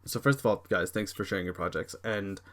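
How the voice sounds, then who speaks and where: A man's voice: sits low, a little fast, fairly bright tone. A young man from Canada hosting a podcast, chatting in a jokey, teasing way. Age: young adult. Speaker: podcast host. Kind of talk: casual chat.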